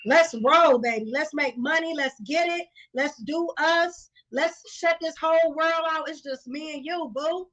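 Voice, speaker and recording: A woman's voice: high-pitched, a little slow, few pauses, a bit bright, dull audio. A woman hosting a live talk stream, arguing bluntly and emphatically in casual debate, swearing freely. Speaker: host.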